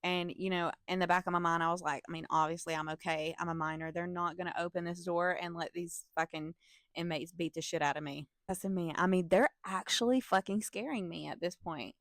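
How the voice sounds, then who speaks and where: Profane, animated woman telling a story. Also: fairly low pitch, fairly quick, no room sound, clean studio sound. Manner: animated, profane, laughing asides to the audience. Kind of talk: casual storytime vlog.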